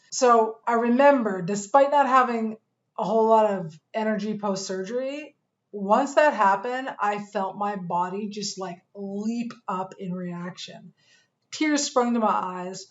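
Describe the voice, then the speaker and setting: A woman's voice: mid-range voice, highs cut off. Earnest woman recounting a personal story. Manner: earnest, measured storytelling with pauses. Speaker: fitness coach course instructor.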